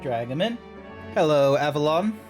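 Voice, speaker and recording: A man's voice: a little high, lively intonation, normal speed, music in the background. A man streaming a game, talking in a rambling, chatty way with lots of fillers. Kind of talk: casual live-stream chat.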